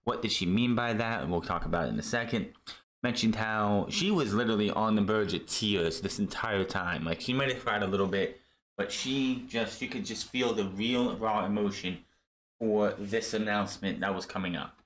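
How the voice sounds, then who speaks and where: Male reviewer, casual and chatty, fillers galore, lowish voice, roomy recording. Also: moderate pace. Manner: rambling, animated retelling with many fillers. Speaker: wrestling show reviewer. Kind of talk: casual recap commentary.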